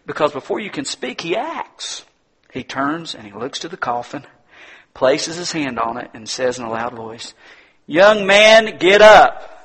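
A man preaching a sermon, telling the story dramatically and swinging from hushed tones to loud declarations. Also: medium pitch, breathy edge.

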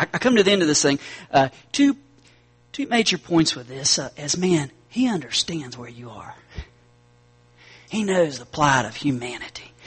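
Husky-voiced pastor preaching. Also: male voice, fairly high pitch. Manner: builds from quiet reading to loud, emphatic preaching; leads the congregation in call-and-response. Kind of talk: sermon.

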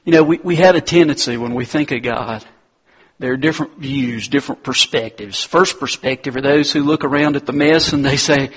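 A man preaching in a relaxed, conversational way, calling his listeners "guys". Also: mid-range voice, a little fast, slightly rough. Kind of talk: conversational sermon.

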